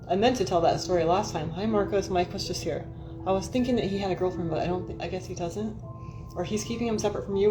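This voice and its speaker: Casual woman streamer, middle-pitched, rambling and profane, chats to viewers by name over faint music. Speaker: livestream host. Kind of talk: casual livestream chat and storytelling.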